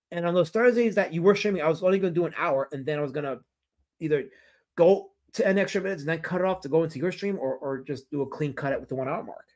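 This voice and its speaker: A man streaming live, reading out chat comments in a casual, teasing, mock-dramatic way. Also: a little high.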